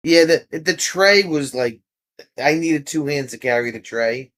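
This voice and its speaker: With a fairly high, fairly bright voice and an unhurried delivery, this man runs a casual livestream. He answers viewers, playfully ribs them, and skips from one topic to another.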